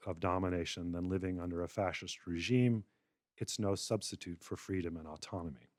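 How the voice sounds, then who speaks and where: A man's voice: low voice, fairly quick, a little mellow, dry recording, clean studio sound. A male lecturer giving a public talk, narrating a wry, satirical scenario. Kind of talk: public lecture, storytelling argument.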